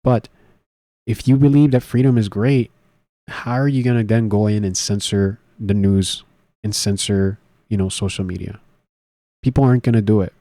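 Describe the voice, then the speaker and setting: Male commentator, casual solo talk, low mellow voice, halting and rambling delivery, dry close recording. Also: steady tone, no echo. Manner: rambling, many fillers and restarts. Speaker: political commentary host.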